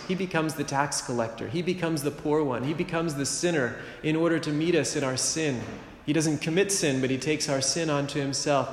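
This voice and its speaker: A middle-aged man preaching a sermon in a conversational way, with joking asides and quick rhetorical checks on the congregation. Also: mid-range voice, a little hiss or hum. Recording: roomy church reverb.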